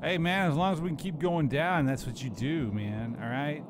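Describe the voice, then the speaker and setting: Over music and loud horror game noise, a man with a slightly high voice keeps up casual commentary at a moderate pace. He's a streamer playing a horror game, cracking jokes and cursing to himself.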